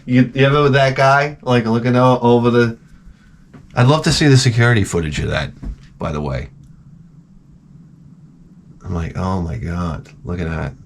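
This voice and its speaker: A man's voice: medium pitch, normal speed, pauses often, a little hiss or hum. Rambling, crude-talking New man. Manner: rambling, crude, trailing off with mumbled asides. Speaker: show host. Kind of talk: crude comedic chat.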